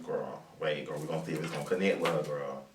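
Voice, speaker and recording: A man's voice: rumbling low, fairly even intonation, quick pace. A man hosting a casual live stream, flamboyant and sassy, calling everyone "girl". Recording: echoey room, distant mic, faint hiss.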